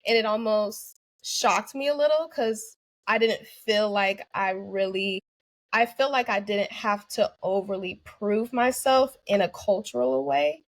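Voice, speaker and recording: A young woman speaks as a guest on a podcast interview, earnest and reflective, leaning on "you know" as she thinks aloud. Her voice sits in a middle pitch. The recording is dry, with no room echo. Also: unhurried. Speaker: anesthesiologist assistant student guest.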